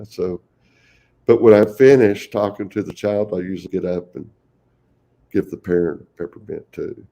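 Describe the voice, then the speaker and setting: A man's voice: sits low, fairly even intonation, moderate pace, vocal fry, warm tone. An older man with a Texan accent, a folksy storyteller who chuckles often as a guest on a video call. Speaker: guest, professional Santa Claus. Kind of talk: casual interview conversation.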